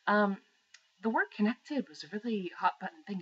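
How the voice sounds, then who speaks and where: A young adult gamer ranting in a swear-heavy, exasperated way, jumping into sarcastic mock quotes. The voice sits in a middling pitch. The recording sounds dull and lo-fi, like a cheap home mic. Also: fast talker. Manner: animated, mocks others with put-on quotes. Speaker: gaming vlogger. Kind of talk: angry rant to camera.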